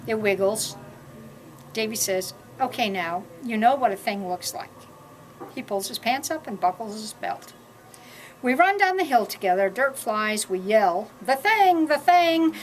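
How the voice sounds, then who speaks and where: A woman's voice: mid-range voice, a little hiss or hum, low-quality recording. A woman reading her first-person novel aloud at a live shop event, lifting her voice for the quoted lines of dialogue. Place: shop during an evening party.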